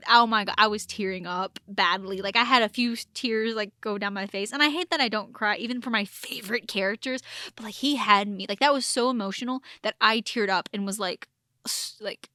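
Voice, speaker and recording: Chatty woman with a fairly high voice. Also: normal speed, no echo, studio quality. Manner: animated, acts out quotes, many fillers. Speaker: podcast co-host. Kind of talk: casual podcast chat about a TV drama.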